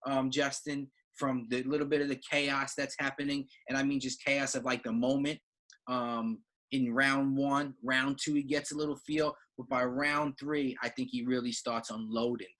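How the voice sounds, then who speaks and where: A man co-hosting a podcast in a casual sports chat. His voice sounds bright and forceful. He talks with loose enthusiasm, repeating himself and dropping slang. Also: mid-range voice, level tone, moderate pace. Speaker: podcast co-host.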